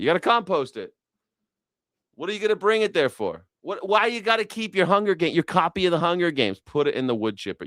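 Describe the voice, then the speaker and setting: A man's voice: mid-range voice, no room sound, clean studio sound. A man hosting a news reaction show, riffing sarcastically in rambling, profane commentary. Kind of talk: casual comedic commentary.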